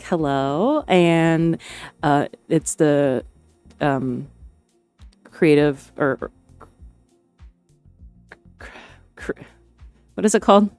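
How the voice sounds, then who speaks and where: A young woman talks to her stream in an unhurried, relaxed way, trailing off and restarting her sentences. Her voice sits a little low and warm. The mic is dry and close, with soft music playing underneath. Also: clear, resonant tone, no room sound. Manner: rambling and hesitant, many fillers and restarts, laughs often. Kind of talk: casual livestream chat.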